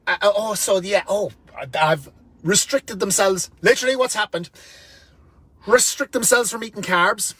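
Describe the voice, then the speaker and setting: A man's voice: sits high, normal speed, a bit bright, husky, no echo. A man, ranting bluntly and profanely to camera from inside a van. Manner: blunt, sweary and rambling. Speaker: vlogger.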